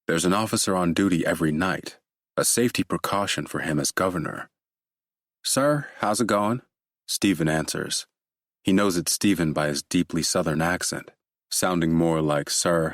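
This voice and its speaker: A man narrating a thriller audiobook in a measured, steady way. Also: deep voice, no room sound, studio quality.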